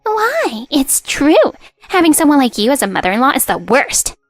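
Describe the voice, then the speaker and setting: A woman's voice: high voice, wildly swooping pitch, moderate pace, no echo, studio quality, soft background music. A woman voicing a scornful young daughter-in-law. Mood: cold. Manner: sneering, dismissive. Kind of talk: narrated drama story.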